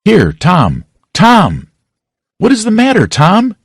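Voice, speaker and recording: A man's voice: mid-range voice, wildly swooping pitch, measured pace, gravelly, a little mellow, husky, no echo, studio quality, voice pushed up, full character voice. A man reading an audiobook, voicing an anxious young boy who pleads for help. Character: frightened boy, younger brother.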